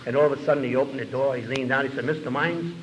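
A man's voice: medium pitch, level tone, racing. An older man telling his own recovery story to an audience, rambling and acting out the dialogue. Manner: rambling, with repeated words and fillers. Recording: echoey hall with faint room noise.

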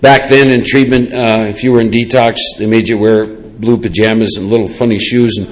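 A man, telling his personal recovery story in a rambling, lively way with many asides. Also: medium pitch, rough recording. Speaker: recovery speaker. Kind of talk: personal testimony talk.

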